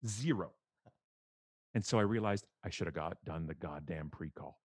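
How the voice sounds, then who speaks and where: Low-voiced man telling stories animatedly. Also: moderate pace, dry recording. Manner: animated, self-mocking, swears casually. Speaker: keynote speaker guest. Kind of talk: casual storytelling on a podcast.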